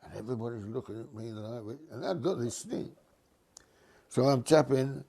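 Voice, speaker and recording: An older man spins a reminiscing anecdote at an easy middle pitch. He chuckles now and then and slips into voices for the people he quotes. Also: normal speed, vocal fry, mellow, slightly rough. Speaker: retired bus driver.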